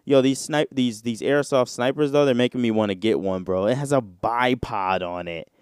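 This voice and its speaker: A man's voice: mid-range voice, normal speed, a little mellow, smooth, no room sound, studio quality. A man hosting a solo podcast, talking loosely and casually with lots of slang. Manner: loose, slangy, rambling with frequent "bro". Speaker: podcast host.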